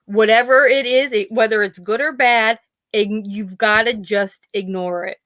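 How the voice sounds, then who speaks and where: A woman's voice: medium pitch, steady tone, measured pace, fairly bright tone, no room sound. A woman hosting a podcast with a Pennsylvania accent, telling rambling family stories in casual chat and acting out what her relatives said. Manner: rambling storytelling, acts out quoted family members. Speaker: podcast host.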